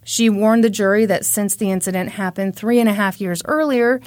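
A woman's voice: mid-range voice, a little fast, few pauses, darkish tone, no echo. A woman hosting a podcast, telling a true crime story in a conversational way with wry asides. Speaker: podcast host.

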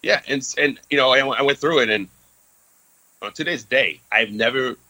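An Army veteran appears as an interview guest, telling a candid story in casual speech packed with fillers and some swearing. His mid-range voice is sharp-toned at a moderate pace, captured dry but in low quality.

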